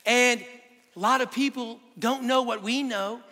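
A man's voice: very high-pitched, a little slow, long reverb tail. A man preaching a sermon, telling vivid stories and asking the crowd rhetorical questions. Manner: animated storytelling with rhetorical questions.

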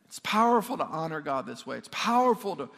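Male pastor, sermon delivery, high voice, emphatic restarts, light humor, church hall echo. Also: very animated, brisk, creaky, a bit bright. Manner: emphatic, repeats words while building up, jokes with the crowd. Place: church sanctuary. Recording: long reverb of a church hall.

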